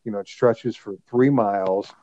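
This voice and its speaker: A man's voice: on the low side, moderate pace, dark tone, lo-fi sound. A man co-hosting a casual chat, telling stories in an easygoing way and saying "dude". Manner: easygoing storyteller, says "dude". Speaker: podcast co-host.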